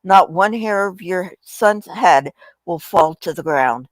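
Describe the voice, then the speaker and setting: An ancient king gives short, commanding replies, as a woman reads his lines aloud. The voice stays a little low and close, with a dry sound and no room echo. It is read plainly, not put on. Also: takes it slowly. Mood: stern.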